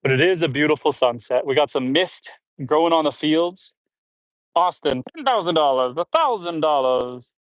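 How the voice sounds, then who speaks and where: A man from Canada livestreaming from his farm outdoors, talking casually to viewers on a phone as he works. His voice sits a little high for a man, and the sound is dry and close. He grunts and sighs between loads and runs a bit out of breath. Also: animated, normal speed, no echo. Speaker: homestead livestreamer. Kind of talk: casual live chat reading comments while working.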